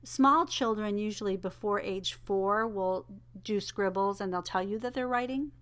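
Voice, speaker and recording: A woman's voice: medium pitch, measured pace. Casual woman lecturing, full of "um"s. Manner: relaxed, filler-heavy explanation with personal anecdotes. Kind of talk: recorded lecture.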